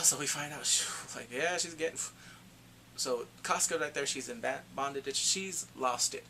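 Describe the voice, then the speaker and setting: A man's voice: medium pitch, normal speed, slight background noise. A man giving a casual, rambling episode review, often correcting himself as he goes. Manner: rambling, animated, self-correcting. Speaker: anime reviewer.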